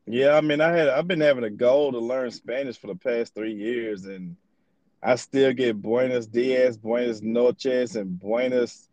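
A man's voice: medium pitch, a little slow, a little mellow, no room sound, muffled recording. A young man hosting a podcast in casual chat, loose and profane, rambling through his stories. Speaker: podcast host.

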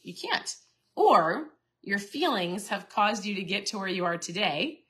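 Bright-voiced chatty woman host. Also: medium pitch, sing-song, a little slow. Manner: chatty, earnest, restarts and repeats herself. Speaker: podcast host and keto coach. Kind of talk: casual motivational talk.

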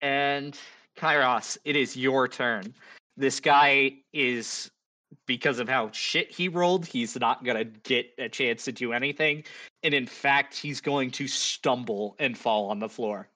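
A game master narrating a tabletop session in an unhurried way, with a bright, forward voice. He stops and starts as he works out what happens next, filling the gaps with pauses. A man runs the game. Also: medium pitch. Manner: halting, thinking aloud with frequent pauses.

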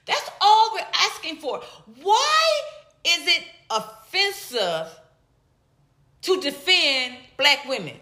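A comedian from Atlanta talks straight to her viewers, her high, bright voice lively and playful as she stretches out teasing repeats. The room around her rings with noticeable echo. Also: takes it slowly. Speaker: stand-up comedian. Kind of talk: casual vlog reading viewer comments.

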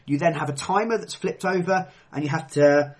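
A man's voice: fairly high pitch, fairly quick. A man hosting a casual podcast chat, laughing often and poking fun at himself. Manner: laughs often, self-mocking. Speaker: podcast host.

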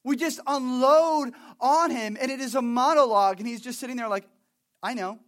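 A young man preaching a sermon in a conversational, animated way, acting out little asides. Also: very high-pitched, fairly quick. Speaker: pastor.

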